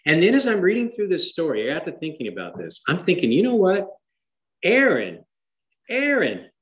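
A man's voice: sits high, wildly swooping pitch, normal speed, a bit bright, reverberant, poor audio. A man teaching a Bible study in a conversational sermon style, often asking his listeners rhetorical questions and shifting emphasis dramatically.

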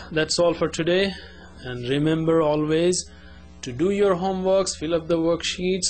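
A man teaching children in a slow, repetitive call-and-response drill, saying each phrase and then its translation. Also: fairly high pitch, poor audio. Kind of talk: children's language lesson.

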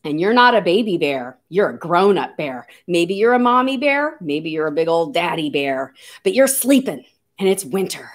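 A woman who teaches nature to children, speaking in an animated, sing-song, coaxing way as she shows live animals. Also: on the low side, normal speed. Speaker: nature educator.

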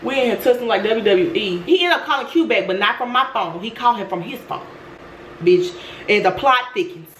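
A woman vlogger telling a story in a brash, profane, animated way. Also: a little high, a little fast. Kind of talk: storytime chat. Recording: roomy room with faint noise.

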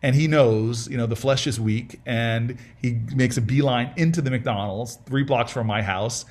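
A man's voice: medium pitch, moderate pace. A middle-aged man telling a personal story in a casual fireside chat, earnest and humorous, with frequent restarts and repeated words. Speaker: senator speaking as guest in a fireside chat.

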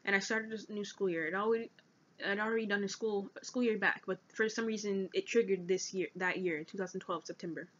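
A young woman of eighteen speaks in a personal confessional vlog, earnest and halting as she works through her notes. Her voice sits at a middle pitch for a woman. The recording is dull and lo-fi. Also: fairly even intonation, a bit bright. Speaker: vlogger.

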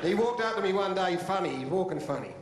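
An Australian man telling crude roasting jokes on a live TV stage, with a deadpan delivery. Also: sits high, fast talker. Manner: crude, deadpan storytelling with laughs. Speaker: stand-up comedian. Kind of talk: stand-up roast routine. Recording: roomy live studio sound, audience noise. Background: laughing studio audience.

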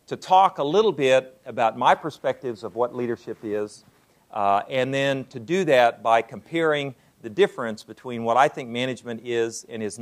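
An older man, a university president, lectures an audience in an unhurried manner, his speech full of "uh" fillers. His voice is medium in pitch.

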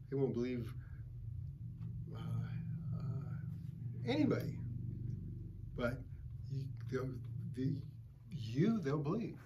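A man's voice: medium pitch, sing-song, slow, noisy background. An older man preaching at a Bible study, a folksy pastor who tells stories and calls for amens from the group. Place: church.

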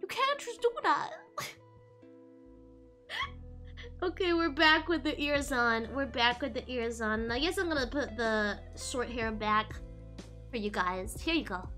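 A woman streamer chats casually to her viewers in a high, bouncy voice that swoops up and down. She is giggly and playful and rambles with many restarts, with soft music playing behind her. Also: lively intonation, unhurried, pauses often. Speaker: VTuber streamer. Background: faint background music.

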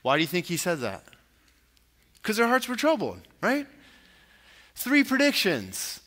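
A man's voice: wildly swooping pitch, unhurried, fairly bright tone. A man pastor giving a conversational sermon, acting out quotes and asking his listeners tag questions. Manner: conversational preaching, acts out quotes with rising pitch; frequent tag questions, casual filler words.

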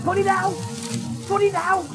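A man acts out a young male hobbit caught and terrified, his voice pushed very high and strained. It is an audiobook reading with music underneath. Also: little pitch movement, measured pace. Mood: panicked. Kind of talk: audiobook character voice.

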